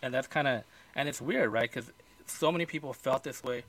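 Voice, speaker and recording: A man co-hosting a casual podcast, speaking quietly and reflectively with many fillers. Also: mid-range voice, brisk. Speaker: podcast co-host. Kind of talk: casual chat. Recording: quiet and distant from the mic.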